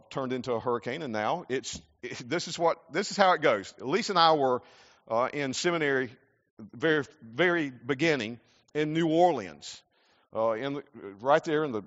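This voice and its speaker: This South Carolina pastor's voice runs on the high side with a slight brightness. Delivering his sermon with earnest conviction in the church sanctuary, he keeps restarting and repeating words, all muffled by the hall's lingering reverb.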